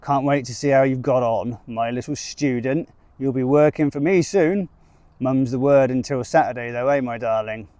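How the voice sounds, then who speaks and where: A man's voice: mid-range voice, normal speed, warm tone, no echo, lightly acted. A man voicing a fussy, flirtatious woman who runs a village shop, speaking in a raised, fussing tone.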